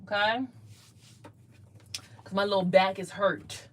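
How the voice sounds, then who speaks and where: Her voice is mid-range and steady, and she talks slowly while hosting a casual card-reading livestream from a small closet. She comes across as emphatic and preachy, often repeating words and mimicking others in loud bursts.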